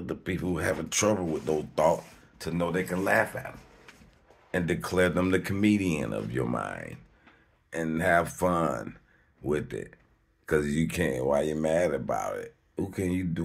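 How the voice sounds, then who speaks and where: Talking off the cuff on his own video, this host is loud in his emphasis, full of slang and prone to rambling, breaking into abrupt high-pitched outbursts. He curses freely and laughs between points. His voice is creaky with a breathy edge, at normal speed.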